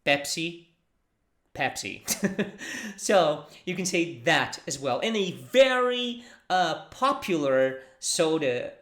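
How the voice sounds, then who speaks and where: A language teacher from Brazil speaks English with a Brazilian accent, moving at an unhurried, deliberate pace. Phrases come twice or three times so the learner can copy them, with patient repetition. The voice rings in an echoey room. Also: medium pitch, lively intonation, a bit bright. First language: Portuguese. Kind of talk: language lesson.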